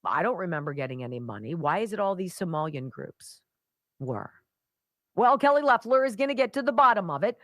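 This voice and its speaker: A woman's voice: on the low side, very animated, brisk, a bit bright, no echo, studio quality. A woman hosting a talk radio show, delivering sarcastic, mocking commentary. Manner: sarcastic, mocking, mimics voices. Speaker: radio host.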